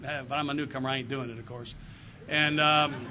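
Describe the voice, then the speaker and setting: An older man, an AA circuit speaker, gives an earnest, heartfelt recovery testimony straight to an audience in a meeting room. His voice sits on the high side with fairly even intonation, a quick pace, and a pushed, bright quality. The live recording is dull and lo-fi, with a little hiss or hum.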